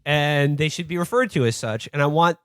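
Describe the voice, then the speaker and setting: A man's voice: fairly high pitch, brisk, clear, resonant tone, no room sound, studio quality. A man co-hosting a podcast, chatting casually about politics in a profane, rambling way full of fillers. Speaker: podcast co-host.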